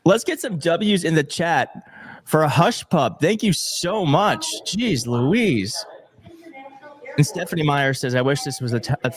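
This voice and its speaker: A man's voice: a little high, lively intonation, unhurried, husky. Grateful man hosting a live stream. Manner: grateful, emotional, fumbling. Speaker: livestream host reading viewer donations. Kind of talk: casual live-stream chat.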